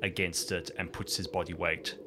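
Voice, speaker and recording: A man's voice: low voice, little pitch movement, normal speed, background noise. A man playing a tabletop game, plainly describing what his character does. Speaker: player. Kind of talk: casual tabletop play.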